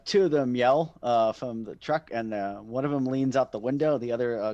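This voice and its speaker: Halting man running a tabletop game. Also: fairly low pitch, a little mellow, dull audio. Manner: halting, full of ums and restarts. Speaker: game master.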